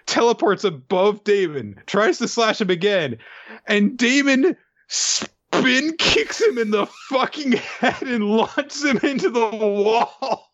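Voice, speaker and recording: Bright-voiced man recapping animatedly. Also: very high voice, takes it slowly, muffled recording. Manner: animated, laughing, acts out quotes in comic voices. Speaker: podcast co-host. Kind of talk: casual chat recapping a manga chapter.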